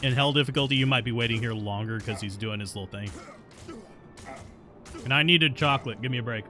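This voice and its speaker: A man's voice: mid-range voice, brisk, pushed and bright, soft background music. A man streaming a video game live, chatting casually and answering viewers' questions between plays, stubborn and self-mocking. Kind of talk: casual live gameplay commentary.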